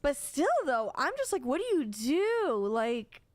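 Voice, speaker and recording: A woman streamer chatting casually while reacting to a video, excitable and full of slang. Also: high-pitched, measured pace, no room sound. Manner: excitable, slangy, says "bro" a lot. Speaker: VTuber streamer.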